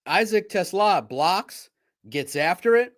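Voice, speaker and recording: A man's voice: sits high, expressive, slow, fairly bright tone. Rambling self-deprecating male sports host. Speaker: sports podcast host and reporter. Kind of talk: casual livestream sports chat.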